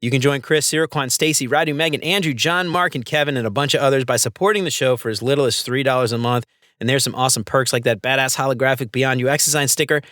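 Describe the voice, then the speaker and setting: A man's voice: mid-range voice, fast talker, pushed and bright, no echo, studio quality. A man hosting a podcast, reading an upbeat outro with sponsor plugs and speaking straight to his listeners. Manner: upbeat, promotional, addresses listeners directly. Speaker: podcast host. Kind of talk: scripted show outro with sponsor reads.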